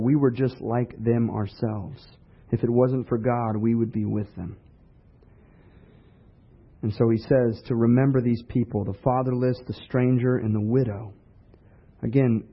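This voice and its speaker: A man's voice: medium pitch, breathy edge. A man preaching a sermon in a conversational way, asking rhetorical questions. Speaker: pastor. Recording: dull lo-fi recording.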